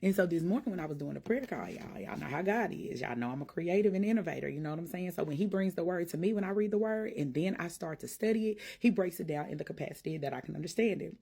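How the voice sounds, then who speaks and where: A woman preaching to her followers in a fervent, informal church cadence, her voice climbing higher and louder as she gets worked up. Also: expressive, quick pace, gravelly, few pauses, slightly rough. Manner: fervent, rising in pitch and force as she preaches. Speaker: ministry vlogger. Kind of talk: preaching to camera.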